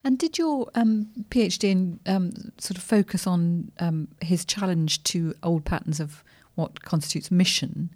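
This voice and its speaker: Female host, slightly low voice, hesitant interviewer, dry sound. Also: measured pace, few pauses, darkish tone, no room sound. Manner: hesitant questioning with many ums. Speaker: podcast host. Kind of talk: interview questions.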